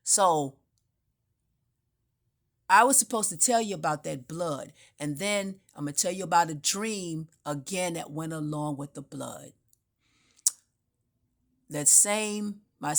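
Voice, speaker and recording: Woman, lowish voice, unscripted spiritual monologue, meandering, emphatic, restarts often. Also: creaky. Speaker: spiritual speaker.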